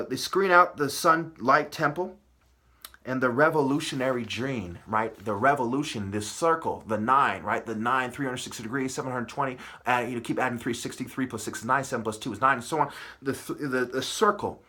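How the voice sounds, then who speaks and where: A man delivering a heated, profane spiritual rant. He swings from low muttering to yelling. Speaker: channel host.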